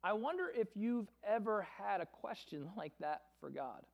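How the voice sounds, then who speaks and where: A man preaching a sermon in an earnest, measured way, now and then acting out quoted voices with feeling. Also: high-pitched, lively intonation, vocal fry. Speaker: pastor.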